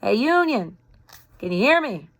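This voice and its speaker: A woman puts on a scrappy young Southern soldier, a boy calling across a river in a soft, low drawl. He sounds friendly and coaxing, his voice pitched up above the reader's own and lifted with a lively bounce. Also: measured pace, exaggerated voice. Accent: American Southern drawl. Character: young ragged male Confederate soldier, friendly.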